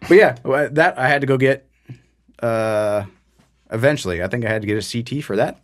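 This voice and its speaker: Animated man telling a funny story. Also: medium pitch, fairly quick. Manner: animated storyteller, acts out quoted people. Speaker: podcast co-host. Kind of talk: casual storytelling chat.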